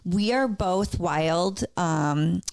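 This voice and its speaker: Playful woman podcast co-host, low voice. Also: gravelly, a little mellow. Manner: playful, teasing, quick with jokes. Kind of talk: casual chat. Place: home studio.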